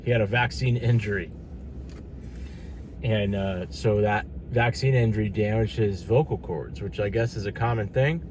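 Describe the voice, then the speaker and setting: A man's voice: fairly low pitch, moderate pace, darkish tone, a little hiss or hum. A tired man talking casually to camera for his vlog, rambling with lots of fillers and restarts. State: tired, yawning. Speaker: vlogger.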